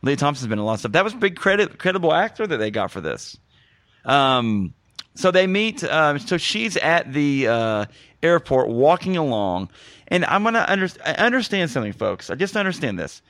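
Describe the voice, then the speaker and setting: A man's voice: fairly high pitch, normal speed, dry recording. A young man hosting a casual movie-review podcast, joking and laughing at his own lines. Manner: jokey, animated, laughs at his own jokes. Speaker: podcast host.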